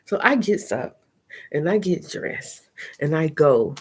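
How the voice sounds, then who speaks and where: A middle-aged woman hosting a live chat, telling stories in a frank, animated way and acting out her own reactions. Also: low-pitched, slow pace, slightly rough. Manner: frank and salty, with slangy talk. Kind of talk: casual live-stream storytelling.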